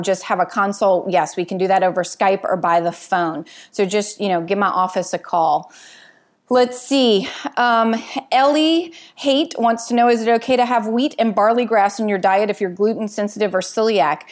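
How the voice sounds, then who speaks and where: A woman's voice: medium pitch, steady tone, moderate pace. A woman doctor in her thirties hosting her own podcast, answering listener questions in a chatty, friendly way with many fillers.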